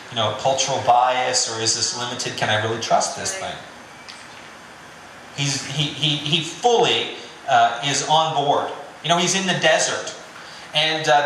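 A man's voice: medium pitch, bright, forceful tone, slight background noise. A man preaching a sermon in a conversational, joking way. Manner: conversational and joking, with filler "you know". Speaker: pastor. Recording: very echoey room.

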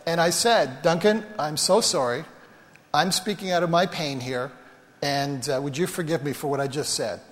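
A man's voice: fairly high pitch, moderate pace. A man preaching a sermon as pastor, telling personal stories in a conversational, self-deprecating way and speaking straight to the congregation. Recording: reverberant hall sound.

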